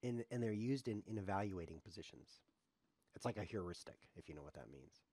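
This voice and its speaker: A man streaming live chess commentary, joking and mocking himself, muttering quietly while he thinks over his moves. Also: on the low side, brisk, slightly rough, no room sound. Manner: joking, self-mocking, animated.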